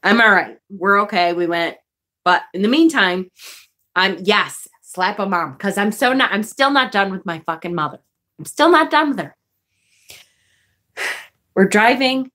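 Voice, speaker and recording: A middle-aged woman casually telling a story on her vlog, animated and profane, jumping into high outraged bursts when she replays arguments. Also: unhurried, long pauses. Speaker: vlogger. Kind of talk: casual storytelling vlog, reading live chat.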